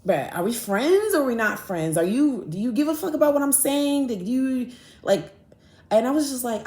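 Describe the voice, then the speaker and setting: A young woman hosting a podcast, telling a story in a casual, animated and profane way, acting out both sides of an argument. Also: mid-range voice, moderate pace. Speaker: podcast host. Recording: echoey room.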